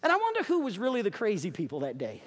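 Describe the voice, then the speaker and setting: A man preaching a sermon as pastor, telling the story in an animated way and acting out the characters. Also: high-pitched, fast. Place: church sanctuary. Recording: long reverb of a church sanctuary.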